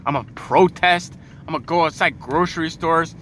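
Tired young guy ranting and swearing nonstop in his car at night, high voice, bright and sharp, faint road noise. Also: moderate pace. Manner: profane, exasperated ranting. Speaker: podcast host. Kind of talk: angry comic rant.

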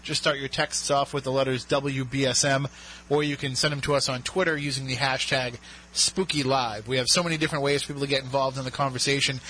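A man's voice: mid-range voice, steady tone, fast, pushed and bright, a little hiss or hum. A man with a South Coast Massachusetts accent hosting a talk radio show in a studio, chatty and upbeat. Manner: chatty, upbeat, reads phone numbers in clusters.

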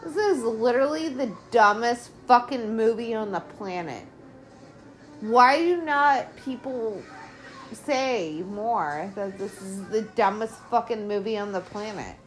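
A woman's voice: fairly high pitch, unhurried. A woman hosting a podcast, giving casual, exasperated commentary on a movie as she watches it, swearing often. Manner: lively, exasperated, heavy swearing. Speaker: podcast host.

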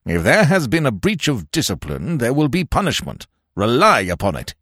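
A man puts on a blustering old colonel who barks his words sternly, as in a dramatic audiobook. The voice sits low but swings widely in pitch, recorded close and dry. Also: huge pitch swings, normal speed, gravelly, no echo, full character voice. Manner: loud, stern, barking. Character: blustering old male colonel, prison governor.

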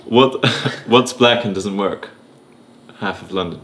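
A man co-hosting a casual podcast, telling dark jokes deadpan and laughing at them. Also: lowish voice, takes it slowly. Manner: deadpan joke-teller, laughs at own jokes. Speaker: podcast co-host. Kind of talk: casual chat.

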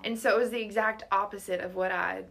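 A woman's voice: medium pitch, steady tone, fast, vocal fry, fairly bright tone. A college-aged woman earnestly telling a personal faith story in casual chat, often quoting her own thoughts. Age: around 20. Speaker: guest sharing testimony.

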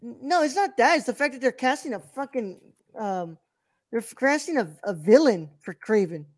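A man's voice: extremely high pitch, lively intonation, normal speed, no room sound, clean studio sound. A male podcast co-host in casual chat, talking bluntly and swearing often.

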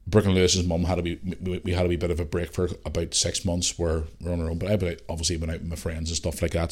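Northern irish guy in his 30s on his podcast, lowish voice, swearing, rambling stories. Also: a little mellow. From Northern Ireland. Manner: swears a lot, rambling storytelling. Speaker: podcast host. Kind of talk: casual chat.

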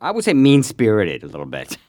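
A man from upstate New York with a softened regional accent, co-hosting a podcast in casual, wry, rambling chat. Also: lowish voice, huge pitch swings, a little fast. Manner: wry, rambling, mock-grumpy. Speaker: podcast co-host.

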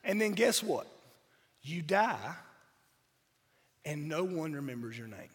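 A man from South Georgia with a Southern accent, preaching a sermon while hoarse from a cold, mixing wry jokes to the congregation into his points. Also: a little high, big pitch swings, slow. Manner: wry, joking asides to the congregation. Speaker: pastor. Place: church sanctuary. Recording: church hall reverb.

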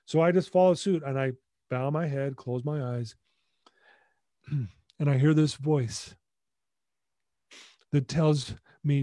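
Male podcast guest, emphatic animated storyteller; slightly high, warm tone, dry recording. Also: slow pace, pauses often, no echo. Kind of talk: personal storytelling.

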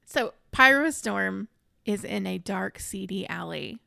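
Podcast co-host, a woman with a gravelly voice, animated casual retelling. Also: mid-range voice, slow, no echo, studio quality. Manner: animated retelling with acted quotes and laughter. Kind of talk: casual book discussion.

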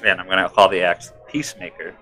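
A man's voice: deep voice, steady tone, fast, bright, forceful tone, soft background music. A man playing a tabletop game, talking casually in loose, trailing phrases. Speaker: player. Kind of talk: casual chat at a gaming table.

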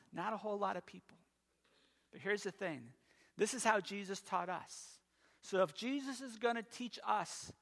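Bright-voiced pastor in a reverberant hall. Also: male voice, high voice. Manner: animated storytelling with quick asides. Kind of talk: sermon. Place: church sanctuary.

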